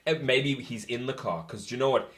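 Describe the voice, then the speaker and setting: A man co-hosting a filmmaking podcast, thinking aloud with halting restarts while brainstorming. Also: medium pitch, fairly bright tone. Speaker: filmmaker co-host. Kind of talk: casual brainstorming.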